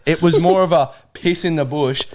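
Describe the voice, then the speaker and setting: A man's voice: on the high side, moderate pace, darkish tone. A young man, telling crude jokes in casual podcast chat. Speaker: podcast co-host.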